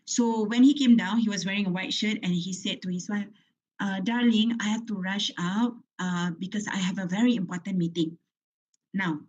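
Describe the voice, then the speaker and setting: Animated Malaysian woman lecturing. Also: mid-range voice. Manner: animated storytelling, code-switching into Malay. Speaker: guest speaker, counselling lecturer. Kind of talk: lecture to students. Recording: slightly muffled lo-fi audio.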